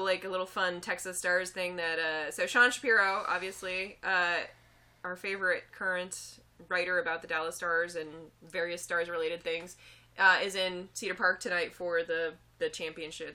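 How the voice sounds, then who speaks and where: A woman co-hosting a casual sports chat podcast, excitable, breaking into loud cheers and laughter. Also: lowish voice, moderate pace. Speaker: podcast co-host. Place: Boulder area.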